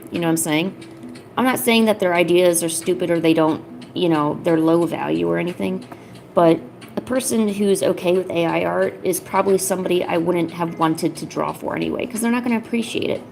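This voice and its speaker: A woman's voice: fairly low pitch, fairly quick, creaky, a little mellow, a little hiss or hum. A woman streaming from home while drawing, chatting casually with lots of fillers and stopping to coax her cat. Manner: rambling, filler-heavy, coaxing her cat. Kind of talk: casual chat. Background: lo-fi music.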